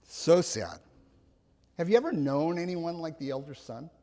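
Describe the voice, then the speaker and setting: A male pastor preaching a sermon in a church, reflective and gentle, with soft laughs and restarts. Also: on the high side, animated, normal speed, in a large hall.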